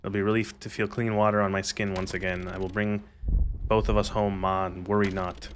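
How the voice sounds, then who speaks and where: A man's voice: sits low, a little fast, a little hiss or hum, close to an everyday voice. A man reading as a weary young soldier writing home. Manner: plain, steady reading without accent. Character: young French soldier writing to his mother.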